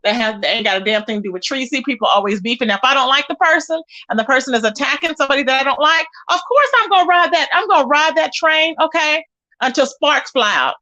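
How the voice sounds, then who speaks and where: Woman spilling the tea to her viewers, high pitched, sassy and emphatic. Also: expressive, quick pace, sharp tone. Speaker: channel host. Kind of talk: casual gossip commentary.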